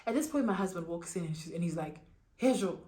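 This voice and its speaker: A young woman vlogger telling a personal story in a lively, dramatic way with casual slang. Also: fairly low pitch, fast talker. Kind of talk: storytime vlog.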